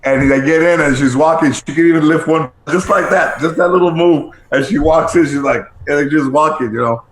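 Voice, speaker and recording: A middle-aged man telling stories as a podcast guest in a casual, profane, animated way, laughing often. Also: a little high, a little fast. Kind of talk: casual storytelling chat. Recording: echoey room.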